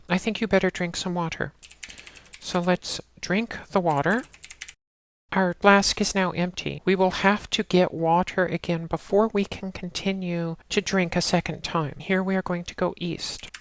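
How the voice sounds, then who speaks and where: A woman narrating a game walkthrough in a steady, instructional way, talking the player through each step. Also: on the low side, unhurried. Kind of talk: casual let's-play walkthrough narration.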